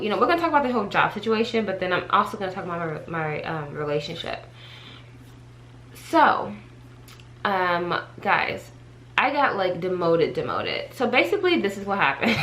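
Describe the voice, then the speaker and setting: A woman vlogger chatting to her viewers in a casual storytime, animated and talkative as she addresses them directly. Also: medium pitch, slight background noise, rough recording. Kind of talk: casual storytime chat to camera.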